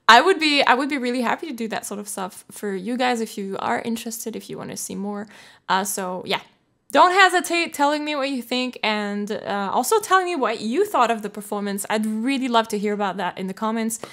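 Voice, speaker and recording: A woman vocal coach doing a reaction video, enthusiastic and quick to laugh, at times moved nearly to tears by the performance. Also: a little high, a bit bright. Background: faint music of the performance being reacted to.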